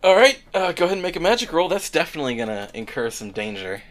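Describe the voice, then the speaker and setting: A man running a tabletop role-playing game as game master, relaxed and laughing, with the odd swear word. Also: a little high, quick pace.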